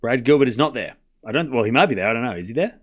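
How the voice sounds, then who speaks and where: With a medium-pitched voice and lively intonation, a man livestreams casual tennis commentary late at night. He calls scores quickly, chats and jokes with viewers, and answers their messages.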